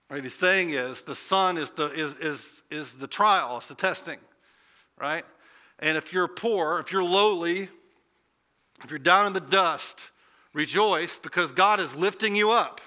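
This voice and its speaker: A man's voice: on the high side, unhurried, pauses often, sharp tone. A man preaching a conversational sermon as a pastor, swelling into emphatic peaks.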